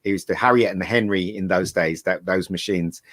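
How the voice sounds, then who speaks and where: A man's voice: deep voice, fairly quick, a bit bright, no room sound, clean studio sound. Chatty middle-aged man telling stories. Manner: rambling anecdotes with restarts. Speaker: guest. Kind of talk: casual chat.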